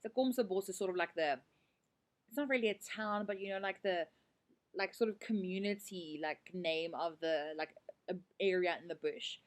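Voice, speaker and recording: A woman's voice: on the low side, normal speed. A woman teacher with a South African accent, explaining a set drama in a casual, chatty way full of fillers.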